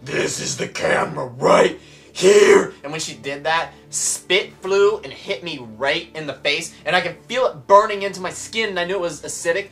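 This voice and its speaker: A man's voice: on the high side, moderate pace, hardly any pauses, sharp tone, faint music behind. A young man telling an exaggerated comic story to the camera, rambling and saying "like" a lot.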